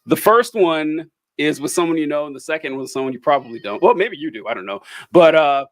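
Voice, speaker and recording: A man with a high voice hosts a loose, friendly chat, spinning animated anecdotes and laughing often along the way. His voice sits dry and close, with no room sound around it. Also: quick pace, no echo. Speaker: host. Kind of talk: casual chat.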